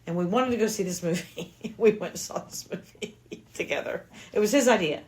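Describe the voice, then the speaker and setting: A woman's voice: medium pitch, fairly quick, a little mellow. A woman co-hosting a casual film podcast, chatty and laughing, often repeating words as she finds her point. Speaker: podcast co-host. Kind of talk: casual movie review chat.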